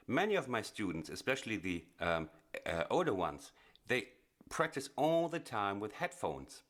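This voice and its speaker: A man teaching blues piano in a chatty, explanatory way, often pausing with fillers and restarting phrases. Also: lowish voice, big pitch swings, fairly bright tone. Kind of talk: casual instructional explanation. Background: piano playing.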